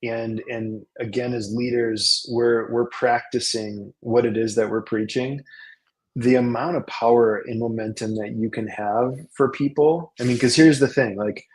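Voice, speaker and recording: Lively man telling a business story. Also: medium pitch, unhurried, poor audio. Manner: animated storyteller, acts out dialogue, repeats words. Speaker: salon business coach. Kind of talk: casual webinar talk.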